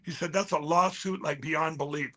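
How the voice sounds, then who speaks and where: A man speaking as an interview guest, telling a long story in an animated, rambling way and quoting other people as he goes. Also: fairly high pitch, moderate pace. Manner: animated, quotes others in mid-story, frequent restarts.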